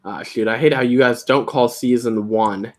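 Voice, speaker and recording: Young male streamer, mid-pitched, easygoing rambler who laughs often; casual chat while building Lego. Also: steady tone, normal speed. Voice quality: soft, slightly slurred when quiet.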